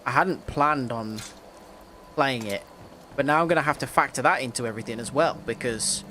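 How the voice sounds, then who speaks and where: A man's voice: medium pitch, normal speed, background noise. A man streaming a game, chatting casually and rambling with lots of filler words. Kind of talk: casual live gameplay chat.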